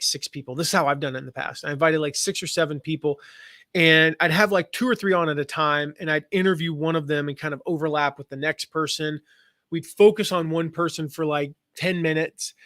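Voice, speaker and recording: An American man raised in the Midwest and South teaches affiliate marketing during a casual live-stream chat, rambling with fillers and restarts in a General American accent. His fairly high voice is a bit bright, captured as clean studio sound with no room sound.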